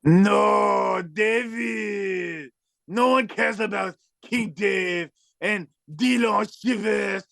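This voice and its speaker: A man voicing a brash puppet wrestler who shouts his trash talk in a comedic wrestling promo. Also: high voice, drawn-out words, vocal fry, dry recording, studio quality, exaggerated voice. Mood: boastful.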